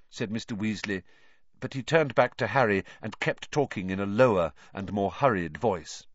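A man reading a story aloud in an expressive, measured way. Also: on the low side, no echo, lo-fi sound. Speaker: audiobook narrator. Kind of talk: scripted storybook narration.

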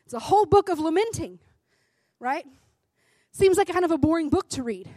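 Woman in her thirties, bright high voice, folksy devotional speaker who builds to fervent urging. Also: lively intonation, normal speed, dry recording. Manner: chatty, keeps asking "right?"; emphatic, rises to fervent urging. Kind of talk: conversational sermon.

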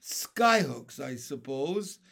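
A brash, impatient centipede out of a storybook who jeers and hurries everyone along, as a man voices him. His voice is pitched up and bounces around with a pushy energy. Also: very animated, unhurried, pushed and bright, heavily acted. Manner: pushy and jeering.

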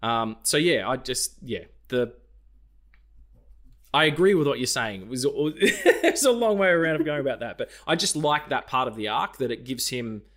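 With a medium pitch and moderate pace, a podcast co-host casually recounts a film. His retelling is lively: he plays out the lines and swears freely.

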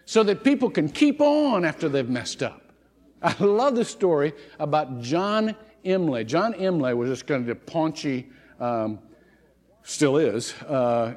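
Male pastor, sermon, animated storyteller; long church reverb. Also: fairly high pitch. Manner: animated storytelling with frequent restarts. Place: church sanctuary.

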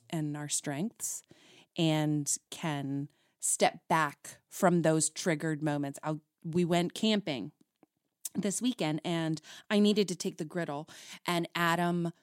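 A woman's voice: lowish voice, dry recording. A woman chatting on a relationship podcast, telling a story with lots of back-and-forth voices for herself and her partner. The sound is close and dry, with no room behind it. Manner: animated storyteller acting out both sides of arguments. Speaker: podcast co-host. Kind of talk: casual chat about relationships.

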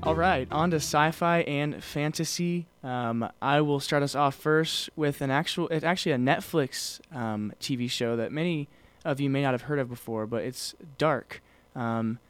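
A man's voice: medium pitch, smooth, no room sound. Rambling man chatting about TV shows. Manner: rambling, many fillers and restarts. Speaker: podcast co-host. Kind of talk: casual chat.

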